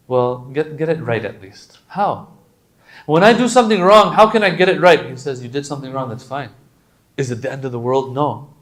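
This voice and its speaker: A man giving a conversational, animated religious lecture with slangy asides and Arabic recitation. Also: mid-range voice. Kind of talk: sermon.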